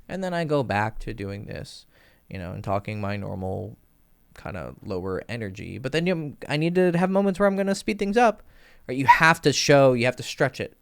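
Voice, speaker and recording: A young man talks through dating advice in a loose, conversational monologue. His pitch jumps around a lot as he emphasizes points, and he swears casually and mimics beats with his voice. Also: moderate pace, gravelly, clean tone. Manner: animated, swears freely, vocal sound effects. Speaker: dating coach.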